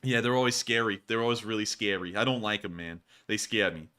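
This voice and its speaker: A man's voice: lowish voice, a little fast, sharp tone, clean tone. A man hosting a casual live stream, joking around, laughing often and repeating his phrases as he reacts to viewer messages. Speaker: show host reading viewer messages.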